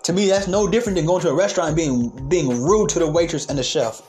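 A man's voice: fairly high pitch, quick pace, darkish tone, soft background music. A young man from the United States who stutters, delivering a brash, profane comic rant. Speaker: vlogger.

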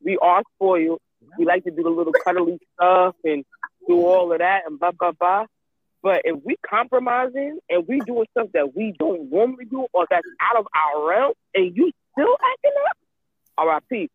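A woman's voice: fairly low pitch, sing-song, normal speed, slightly rough, dry recording. Emphatic woman on a tinny line. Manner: emphatic and repetitive, swears freely. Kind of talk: casual chat.

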